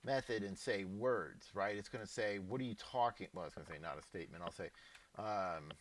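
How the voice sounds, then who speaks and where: A man's voice: deep voice, a little fast, fairly bright tone. A man giving a casual screen-recorded programming lesson, thinking aloud with informal asides and restarts. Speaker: programming teacher. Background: keyboard typing and clicks.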